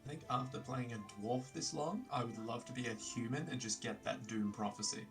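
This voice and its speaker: A man's voice: mid-range voice, brisk, music in the background. A man chatting casually as a player in a laid-back, musing way, recorded off the mic. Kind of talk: casual chat. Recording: voice picked up from off the mic.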